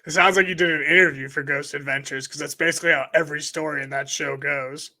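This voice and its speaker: Male podcast co-host, slightly higher voice, bright tone, relaxed playful banter. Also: fast, gravelly. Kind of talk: casual podcast chat.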